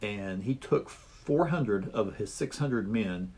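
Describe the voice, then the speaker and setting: Male Bible teacher, husky voice, folksy and steady lesson delivery. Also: fairly low pitch. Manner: folksy, measured explaining. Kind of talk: teaching over slides.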